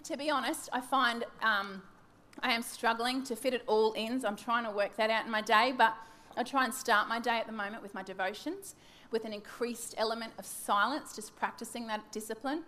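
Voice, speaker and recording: A woman's voice: fairly high pitch, fairly quick, bright, forceful tone. A woman in her thirties giving a devotional teaching talk, candid and self-mocking, acting out her own wandering thoughts. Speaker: church teacher.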